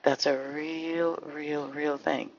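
A man's voice: fairly high pitch, flat delivery, takes it slowly, a little hiss or hum. A man hosting a podcast, delivering fervent social commentary full of rhetorical questions and the odd swear word. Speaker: podcast host. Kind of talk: impassioned social commentary monologue. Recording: slightly dull lo-fi recording.

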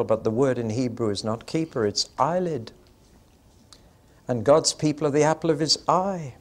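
Older man teaching scripture. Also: mid-range voice. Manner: conversational, explanatory, with dramatic emphasis. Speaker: preacher. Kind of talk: Bible teaching talk to a congregation.

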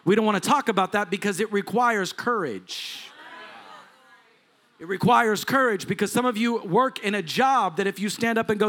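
High-voiced preaching man. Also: moderate pace, a bit bright. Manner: preaching with rising intensity and audience asides. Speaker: lead pastor. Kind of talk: sermon. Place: church sanctuary before a congregation.

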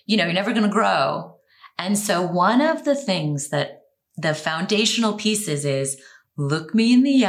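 A woman guest telling a personal story in conversation, in an animated, expressive way with quick laughs. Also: lowish voice.

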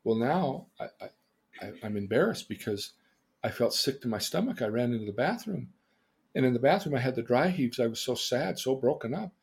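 A man's voice: mid-range voice, expressive, brisk, gravelly, a little mellow, slightly rough. A man teaching about emotional independence by telling theatrical stories, exclaiming and then questioning his listener. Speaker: therapist and teacher. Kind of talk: animated storytelling lesson.

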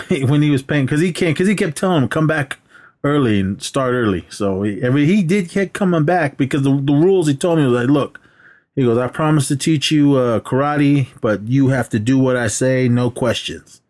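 Man, podcast co-host, casual movie chat, acts out scenes, laughs often. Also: mid-range voice. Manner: animated retelling, acting out scenes with laughs.

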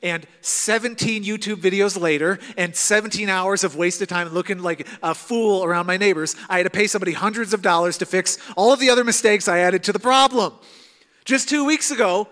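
A pastor in his thirties preaches to his congregation, his fairly high voice carrying animated, self-mocking stories. The sound rings out with the long reverb of a large church hall. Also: fairly quick. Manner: self-deprecating storytelling, animated. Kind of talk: sermon. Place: church auditorium.

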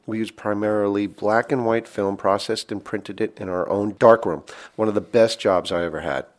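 A man's voice: lowish voice, moderate pace. A man co-hosting a podcast in casual chat, joking around and reading listener letters aloud. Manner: joking, reads letters aloud, lively interjections. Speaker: podcast co-host.

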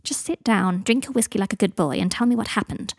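A woman voicing a bossy young woman who talks briskly and commandingly to a friend. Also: mid-range voice, creaky, no room sound, studio quality.

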